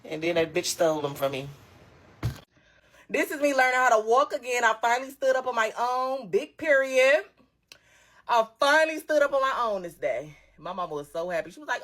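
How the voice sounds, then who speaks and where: A young woman telling a casual storytime, animated and slangy, laughing as she goes. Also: fairly high pitch, fairly quick. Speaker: storytime vlogger.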